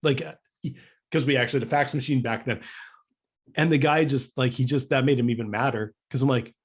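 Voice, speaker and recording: This podcast co-host is a Canadian man with a slightly rough, mid-range voice and a brisk delivery. Telling his story casually, he animatedly acts out what people said, frequently starting over and repeating himself in stammers.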